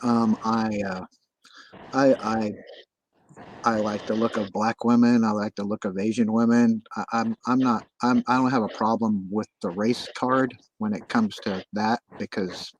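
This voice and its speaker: A man hosting a casual chat on a livestream, talking in halting bursts full of false starts and repeats. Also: on the low side, steady tone, slight background noise, low-quality recording. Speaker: host. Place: livestream call.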